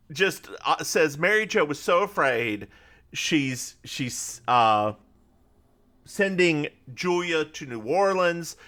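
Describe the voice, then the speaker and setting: A man co-hosting a podcast, chatting casually and laughing as he recaps a TV episode. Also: fairly high pitch. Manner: animated, laughing, quick asides. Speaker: podcast co-host.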